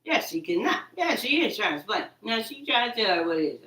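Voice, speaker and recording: This woman speaks fast in a mid-range voice with big pitch swings and a bright, forceful tone. She rambles through an agitated monologue, cursing, repeating herself, and echoing her own words, recorded from a distance in an echoey room.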